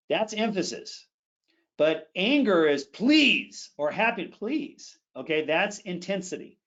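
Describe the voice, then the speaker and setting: Middle-aged guy coaching public speaking over a video call, fairly high voice, dull lo-fi sound. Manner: energetic, demonstrates phrases with sudden shifts in pitch and pace. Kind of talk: live online training session.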